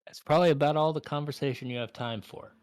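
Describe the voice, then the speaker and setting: A man's voice: fairly high pitch, fast talker, a little mellow, clear, resonant tone, no room sound, clean studio sound. A man narrating a tabletop game as game master, casual and profane.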